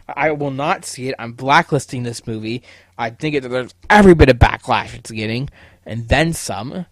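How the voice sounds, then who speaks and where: A man's voice: mid-range voice, normal speed, dry recording. Young man swearing through a podcast rant. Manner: heavy swearing, stammering restarts. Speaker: podcast host. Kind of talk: casual solo podcast rant.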